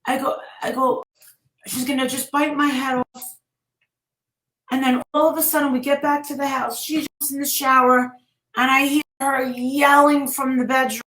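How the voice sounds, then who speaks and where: A woman's voice: high voice, little pitch movement, moderate pace, pushed and bright, echoey room, low-quality recording. A woman vlogger retelling a story in a rambling, emotional way, breaking off now and then to scold her viewers.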